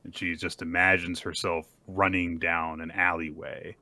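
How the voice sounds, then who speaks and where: A man co-hosting a casual podcast, retelling a story with lively acted-out quotes. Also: low voice, normal speed. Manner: animated storyteller, acts out quotes in bursts. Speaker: podcast co-host. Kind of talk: casual chat recapping manga.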